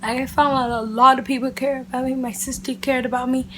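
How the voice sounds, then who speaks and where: A woman with a high, bright-sounding voice recounts a personal story in a casual, chatty vlog. Her delivery is animated and loose, full of "like" and "literally". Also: quick pace, background noise. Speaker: beauty vlogger. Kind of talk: casual storytime chat to camera.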